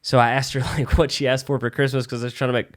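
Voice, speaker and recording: Fast-talking young man telling stories. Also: medium pitch. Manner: animated storyteller, swears a lot. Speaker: podcast co-host, aspiring comedian. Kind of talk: casual chat.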